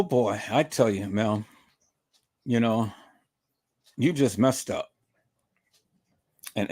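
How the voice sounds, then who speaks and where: A man's voice: mid-range voice, a little mellow. A man hosting a livestream, taunting and repetitive as he calls out a rival and greets viewers in chat. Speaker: livestream host.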